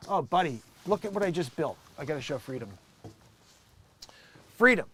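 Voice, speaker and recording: A man hosting his own show, talking in a rambling, joking way that swings between low mutters and loud bursts. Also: very animated, fairly quick, slightly rough. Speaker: show host. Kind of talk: casual live-stream commentary.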